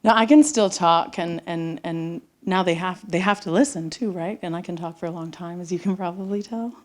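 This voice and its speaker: A middle-aged woman with a slightly low voice tells a personal story live on a theater stage. She speaks intimately and sometimes drops to a near-whisper. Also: moderate pace. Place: theater stage before an audience.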